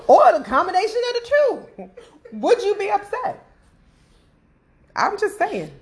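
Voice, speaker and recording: Animated high-voiced woman podcast host. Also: slow pace. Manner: animated, laughing, talking to listeners. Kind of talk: casual chat.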